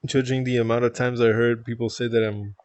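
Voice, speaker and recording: A man streaming, chatting with viewers in a calm, easygoing, chill way from a home setup. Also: mid-range voice, fairly quick, no echo. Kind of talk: casual chat with viewers.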